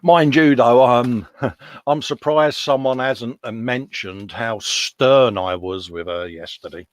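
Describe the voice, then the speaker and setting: A man's voice: mid-range voice, slow pace, no echo. A man in his fifties chatting casually on a live stream, self-mocking and jokey, calling everyone mate. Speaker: co-host.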